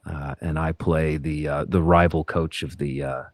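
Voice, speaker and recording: A man's voice: very deep voice, steady tone, moderate pace, dry recording. A man, an actor appearing as a podcast guest, talking in a reflective, rambling way with many fillers and restarts. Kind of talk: casual podcast interview.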